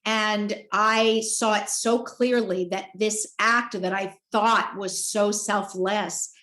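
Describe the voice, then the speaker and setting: A woman in her forties, a podcast guest, telling a personal story in an expressive, candid way. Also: medium pitch, slow pace. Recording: roomy echo.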